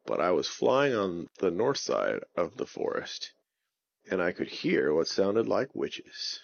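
A man's voice: sits low, wildly swooping pitch, slow, vocal fry, dull audio, exaggerated voice. A man voicing a giant, friendly male owl who speaks politely and earnestly.

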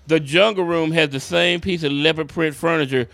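A middle-aged stand-up comedian tells a wild story in casual chat, animated and profane, swearing and laughing as he goes. His voice is fairly high and creaky, at a moderate pace. There's no echo.

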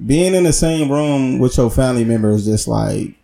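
A man's voice: mid-range voice, expressive, normal speed, creaky, mellow. A man talking in a laid-back, slangy, profane way in casual chat, full of fillers.

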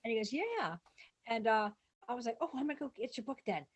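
A woman guest in an interview, telling long rambling stories and acting out what people said in lively voices. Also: on the high side, racing, slightly rough. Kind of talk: casual storytelling interview.

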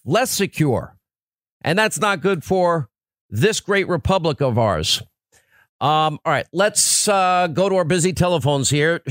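A middle-aged man hosts political talk radio, pressing his points in emphatic, repeated lists. His voice sits fairly high for a man. It is recorded close on a dry studio microphone. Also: a bit bright, dry recording. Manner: emphatic, repetitive rhetorical lists. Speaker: radio talk show host.

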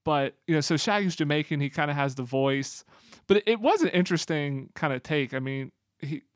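A man with a fairly high voice chats casually as a podcast co-host, rambling and getting excited as he goes. His voice sounds close and dry, with no room around it. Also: fairly quick, no echo. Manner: enthusiastic, rambling, excitable bursts. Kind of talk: casual chat about a musical.

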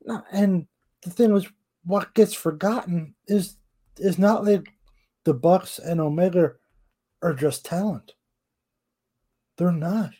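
A man's voice: sits high, slow pace, long pauses, dark tone, breathy edge. A middle-aged man co-hosting a casual wrestling podcast, blunt and emphatic, swearing freely. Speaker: podcast co-host.

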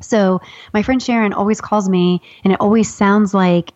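A woman's voice: medium pitch, normal speed, no room sound, muffled recording. A woman who is a guest author, telling funny stories in a casual chat and acting out the voices she quotes. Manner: animated, acts out quoted voices, laughs often.

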